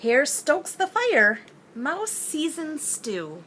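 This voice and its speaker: A woman teacher reading a children's picture book aloud in an expressive, sing-song way, asking her young listeners questions. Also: high voice, drawn-out words, slight background noise.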